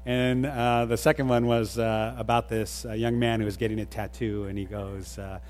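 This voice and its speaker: A man's voice: level tone, moderate pace, darkish tone, slight background noise. A man who leads a church, talking casually to his congregation and telling little stories with quoted voices. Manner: chatty storyteller, acts out quoted voices with a high pitch. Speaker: church leader. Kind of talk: informal church announcement talk.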